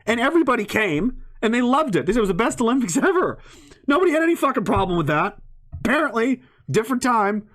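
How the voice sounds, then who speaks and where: A man's voice: very high voice, very animated, fast, a bit bright. A man in a ranting monologue to an audience, swearing often, rambling and breaking into laughs mid-sentence.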